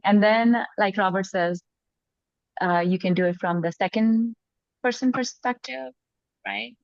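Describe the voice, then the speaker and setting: Woman, casual explaining, raspy fry, muffled lo-fi sound. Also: fairly low pitch, no echo. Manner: loose and conversational, full of "like" and "you know". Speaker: group member sharing a practice. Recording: dull, dry lo-fi sound.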